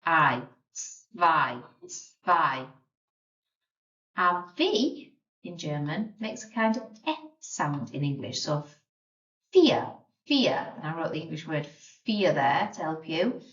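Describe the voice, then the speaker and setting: A woman's voice: low voice, animated, takes it slowly, pushed and bright. A woman teaching a beginner language lesson, patiently sounding out and spelling words. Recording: roomy, distant, dull lo-fi sound.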